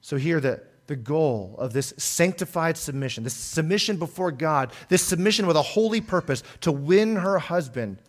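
A man preaching a sermon in an earnest tone, rising louder on key points and dropping softer after them. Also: fairly high pitch, animated, moderate pace, few pauses. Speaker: pastor.

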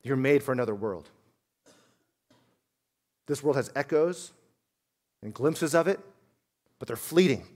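A man preaching a sermon as a pastor, earnest, dropping to a hush and then rising to loud emphasis. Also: mid-range voice, expressive, measured pace, pauses often.

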